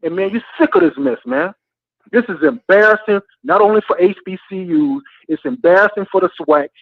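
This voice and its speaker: A frustrated male caller vents down a tinny phone line, his voice set high and gravelly. He talks passionately and keeps repeating "man". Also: lively intonation, a little fast, no echo. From Florida A&M alumnus. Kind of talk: heated call-in rant.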